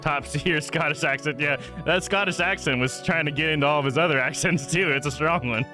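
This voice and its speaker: A man's voice: on the high side, brisk. A young man chatting casually with viewers on a live stream, laid-back and swearing freely. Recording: game music behind.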